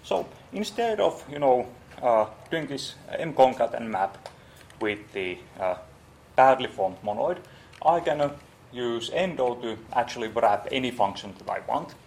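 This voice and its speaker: A man's voice: medium pitch, expressive, a little slow, creaky, a little mellow, slight background noise. A man lecturing on programming, typing as he explains and thinking aloud with many fillers and restarts.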